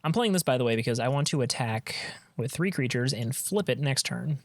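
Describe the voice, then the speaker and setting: A man's voice: medium pitch, expressive, a little fast, dry recording. Man streaming a card game; chatty play-by-play that trails off, mid-range voice, dry close mic. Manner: thinking aloud, trailing off and restarting. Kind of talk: casual gameplay commentary.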